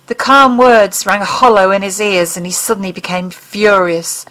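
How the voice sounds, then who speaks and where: A woman narrating an audiobook in an expressive, dramatic reading style. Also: mid-range voice, measured pace, few pauses, low-quality recording.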